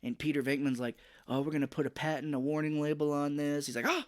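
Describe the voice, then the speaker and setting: A man co-hosting a podcast, casually retelling a film plot and jumping into high voices for the characters. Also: level tone, fast. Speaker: podcast co-host. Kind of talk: casual movie recap chat.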